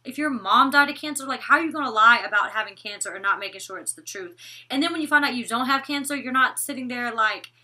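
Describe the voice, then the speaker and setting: A young woman vlogger recapping a reality show in casual chat, blunt and animated, cursing freely. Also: on the high side, fast, far from the mic. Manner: blunt, animated, gossipy with swearing. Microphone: desk microphone.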